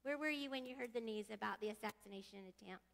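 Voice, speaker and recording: A woman's voice: on the high side, fast talker, creaky. A woman preaching a casual, chatty sermon in a church sanctuary, leading her congregation through prayer and questions. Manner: chatty, animated, leads call-and-response singing. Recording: echoey church hall.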